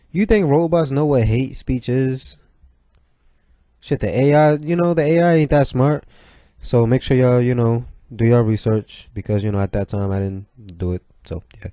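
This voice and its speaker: A man's voice: on the low side, warm tone, no echo, clean studio sound. A man talking casually in a video commentary, rambling with plenty of fillers and swearing. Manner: rambling, profane, many fillers. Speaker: vlogger.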